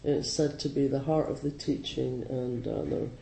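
A man with a Scottish accent, a Zen teacher giving a slow, gently humorous and reflective dharma talk. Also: medium pitch, vocal fry. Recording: roomy hall with faint ambience.

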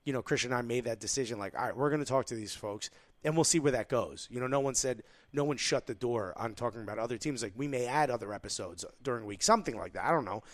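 A man's voice: medium pitch, quick pace, few pauses, dry recording. A man from New Jersey co-hosting a podcast, blunt and heated in casual chat, swearing freely. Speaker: podcast co-host.

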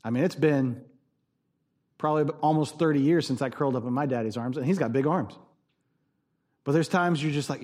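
A man's voice: on the high side, a little fast, long pauses, darkish tone. A man preaching a sermon as pastor, conversational and jokey with emphatic stresses.

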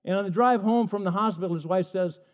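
A man's voice: sits high, quick pace. A middle-aged male pastor preaching a sermon, telling stories with acted voices and emphatic repetition.

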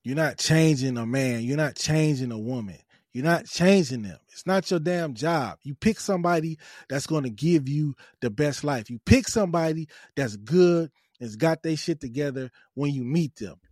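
A man's voice: fairly high pitch, moderate pace, few pauses, darkish tone, no echo, studio quality. A man hosting a podcast, giving blunt, preachy advice with swearing and lots of emphatic repetition. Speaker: podcast host. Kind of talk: casual advice monologue.

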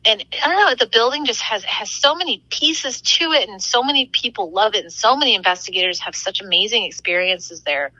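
A young woman, a podcast guest and author, chatting excitedly about her experiences and laughing often as she tells stories. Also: mid-range voice, fairly quick, hardly any pauses, no room sound, poor audio. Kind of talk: casual storytelling.

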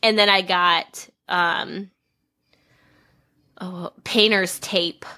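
A woman's voice: fairly low pitch, fairly even intonation, drawn-out words, pushed and bright. A young woman co-hosting a casual podcast chat, telling rambling anecdotes full of "like". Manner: rambling anecdotal storytelling, heavy use of "like". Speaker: podcast co-host.

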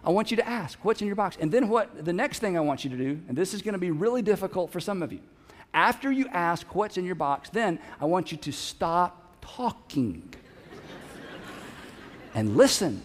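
A man's voice: high voice, very animated, moderate pace. A male pastor preaching a sermon in a church, conversational and joking with the congregation. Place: church sanctuary. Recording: long hall reverb.

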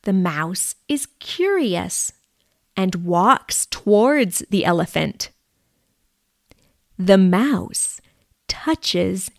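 A woman reading a simple story aloud for language learners, clear and deliberate. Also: on the high side, expressive, no echo, clean studio sound.

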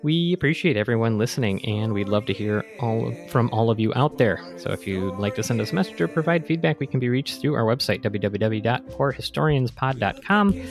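A man's voice: medium pitch, expressive, brisk, hardly any pauses, over music. A man hosting a podcast, chatting casually and explaining medical matters in a thoughtful way. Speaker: podcast host. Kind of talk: casual chat.

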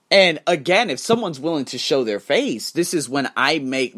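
Male vlogger, slightly high voice, very expressive swoops, blunt ranting delivery. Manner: animated, blunt, swears freely. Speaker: YouTuber and podcast host. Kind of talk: casual ranting vlog monologue.

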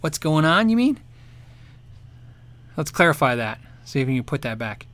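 A man hosting a casual livestream, reading viewer questions and answering with lively, rambling chatter and frequent laughs. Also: a little high, moderate pace. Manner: animated, laughs often, rambling restarts.

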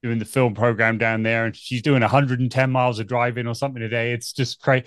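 A man hosting a podcast interview, asking questions in a relaxed, conversational way. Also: mid-range voice, fast, clean tone, no room sound, clean studio sound. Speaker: podcast host.

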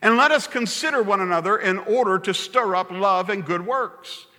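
A pastor preaching a sermon, telling stories in an animated way and repeating phrases for emphasis. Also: male voice, high voice, normal speed. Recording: long hall reverb.

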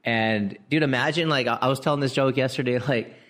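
A young man hosting a casual comedic monologue, slangy and animated, who laughs mid-sentence and acts out quoted voices. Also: medium pitch, fairly quick. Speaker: comedian podcast host.

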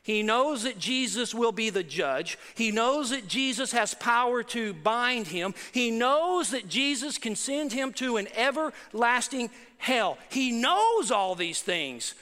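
High-voiced preacher in an echoing hall. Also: male voice, lively intonation, takes it slowly, few pauses, sharp tone. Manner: emphatic, repetitive, conversational. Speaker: pastor. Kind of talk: sermon.

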